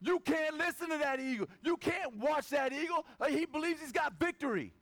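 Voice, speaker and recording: A man voicing a flock of fearful, bossy chickens that shout down the eagle. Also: very high voice, expressive, normal speed, voice pushed up, exaggerated voice. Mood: scolding. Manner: shouting, mocking. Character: scolding fearful farmyard chickens, loud and bossy.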